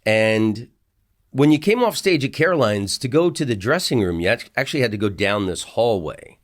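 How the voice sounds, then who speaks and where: A man's voice: lowish voice, lively intonation, moderate pace. A middle-aged man from the United States hosting a podcast, telling rambling stories with asides and restarts from a hotel room. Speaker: podcast host. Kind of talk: casual storytelling monologue.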